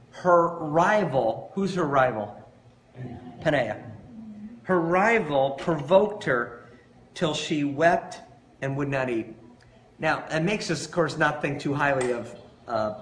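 A man preaching a sermon as pastor, conversational and animated, telling stories and asking rhetorical questions. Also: on the high side, reverberant, slight background noise. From Long Island, New York.

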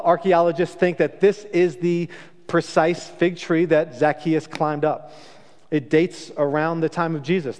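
A man preaching a sermon as a pastor, telling a story with lively shifts between quick bursts and slow, hushed emphasis. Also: a little high, in a large hall. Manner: animated storytelling, pace and loudness swinging widely.

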